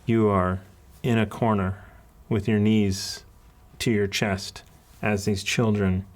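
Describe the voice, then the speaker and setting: A man narrating a tabletop game as game master, telling the scene in a deliberate storytelling way. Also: fairly low pitch, level tone.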